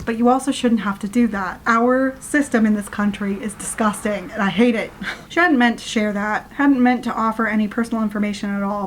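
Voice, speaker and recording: A woman's voice: medium pitch, slight background noise. A woman giving a ranting book review, reading passages aloud and cutting in with sarcastic, exasperated asides.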